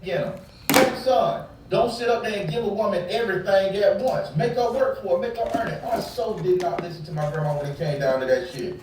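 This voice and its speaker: A man's voice: high voice, a little fast. Angry profane man, echoey and far. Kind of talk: heated casual rant. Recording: very echoey room, off-mic, faint background hum.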